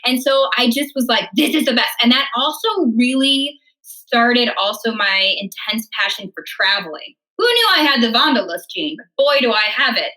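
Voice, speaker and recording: A woman's voice: a little high, expressive, moderate pace, few pauses, pushed and bright, poor audio. A young woman, an opera singer from Illinois, telling her life story casually in an interview, acting out her past thoughts and laughing often. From Illinois, United States.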